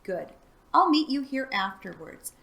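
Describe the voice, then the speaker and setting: A woman voicing a brave, clever young boy adventurer in a storybook read-aloud, hushed and earnest. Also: sits high, big pitch swings, a little slow, gravelly, pitched above the performer's own voice, exaggerated voice. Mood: hushed planning.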